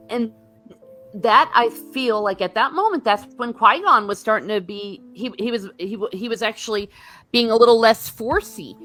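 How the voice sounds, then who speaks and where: A woman as an interview guest, sharing opinions in animated, casual chat and acting out quotes as she goes. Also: fairly high pitch.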